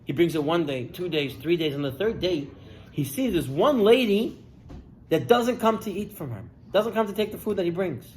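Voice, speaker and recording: A man giving a sermon as a rabbi, telling stories with lively delivery and acting out the people in them. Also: high-pitched, normal speed, low-quality recording. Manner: animated storyteller, acts out characters' lines. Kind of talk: sermon with storytelling.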